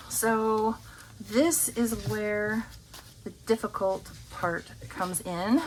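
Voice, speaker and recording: Casting note: unhurried woman budget vlogger, easygoing talk, faint hiss behind her. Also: mid-range voice, fairly even intonation. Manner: slow, rambling, many ums. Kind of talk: casual chat while counting cash. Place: home.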